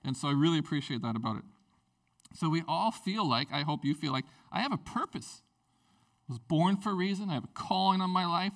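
A young man preaching a candid sermon as pastor, swinging from quiet asides to near-shouting. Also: on the high side, expressive, fairly quick, far from the mic.

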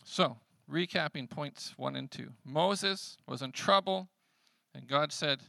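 A man preaching a sermon in a conversational way, swinging between loud emphatic lines and hushed quiet ones. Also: a little high, takes it slowly, gravelly, dry recording. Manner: conversational preaching with casual fillers. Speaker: pastor.

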